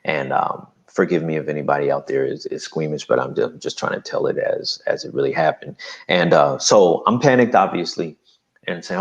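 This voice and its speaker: A man recounting a personal story as an interview guest, animated and acting out quotes. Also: low voice, moderate pace, gravelly, lo-fi sound.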